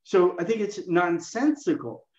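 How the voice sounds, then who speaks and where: A man speaking as a guest in an interview, explaining communication to health practitioners in an animated way and acting out quoted lines. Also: high voice, unhurried, roomy sound, lo-fi sound. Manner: animated, acts out patients and himself in quoted lines. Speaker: health coaching expert guest.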